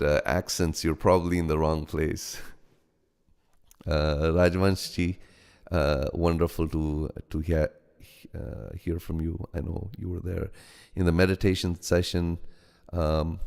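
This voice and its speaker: A man with a blended American and Indian accent speaks in a low, smooth, resonant voice, greeting his live-stream audience by name. His delivery is unhurried and full of ums and small restarts, and a long reverberant tail trails every phrase in his studio. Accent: American-Indian mix. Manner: halting, frequent ums and restarts, greets each viewer warmly by name. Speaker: host of a live meditation stream. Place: home studio.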